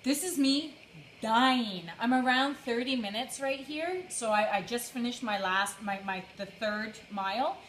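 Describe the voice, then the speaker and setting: Woman, out of breath, livestream chat, slightly high voice, echoey room, faint noise. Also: moderate pace, few pauses, fairly bright tone. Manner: chatty, greets viewers by name. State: out of breath from running. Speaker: livestream host training for a charity run. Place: indoors on a treadmill.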